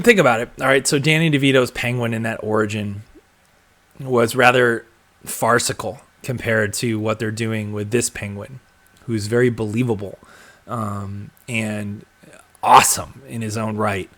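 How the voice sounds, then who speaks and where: A man's voice: fairly low pitch, moderate pace, fairly bright tone. A young man hosting a live stream in a casual, rambling way, full of ums and restarts as he reads out and answers viewer comments. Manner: rambling, filler-heavy, chuckles and trails off. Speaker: host of a live show reading viewer comments.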